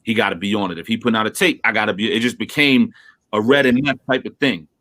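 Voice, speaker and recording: A man from Brooklyn, a rapper being interviewed over a remote call, telling stories in a casual, animated way and acting out quotes. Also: fast talker. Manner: animated storyteller, acts out quotes with big pitch jumps. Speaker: rapper guest.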